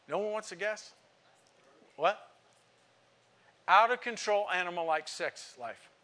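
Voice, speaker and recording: A man's voice: high voice, lively intonation, takes it slowly, pushed and bright. A man preaching a sermon to a congregation, emphatic and asking rhetorical questions. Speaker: pastor.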